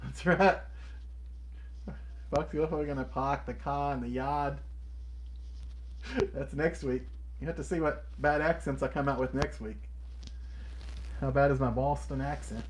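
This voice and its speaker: A man's voice: mid-range voice, fairly even intonation, unhurried, pauses often, slight background noise. A man co-hosting a live stream in casual chat, upbeat and friendly as he reads out and answers viewer comments. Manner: enthusiastic, friendly greetings to viewers.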